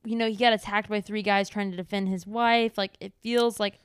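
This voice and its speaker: A woman's voice: medium pitch, fairly even intonation, a little fast, smooth, no room sound. A woman from Tennessee co-hosting a film podcast, chatting casually and frankly giving her opinions. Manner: opinionated, candid about likes and dislikes. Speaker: podcast co-host. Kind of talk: casual chat.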